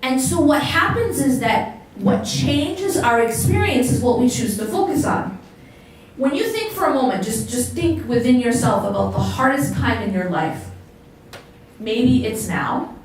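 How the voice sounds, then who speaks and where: Speaking unhurriedly in a slightly high, expressive voice, a woman lectures on Islam before a live audience and draws listeners in with questions. The mic catches her from a distance in an echoey hall.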